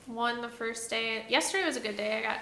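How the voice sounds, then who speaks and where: Bright-voiced woman, brief answers, echoey room. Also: fairly high pitch, fairly quick. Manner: brief, matter-of-fact answers. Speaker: hunting companion. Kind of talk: casual chat. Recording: echoey room, faint background noise.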